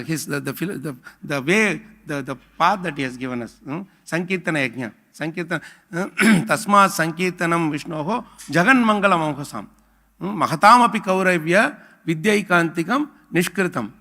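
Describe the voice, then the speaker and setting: A man's voice: sits high, bright, forceful tone. A man giving a conversational scripture class, chuckling often and asking his listeners "isn't it?". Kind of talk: sermon. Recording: long hall reverb.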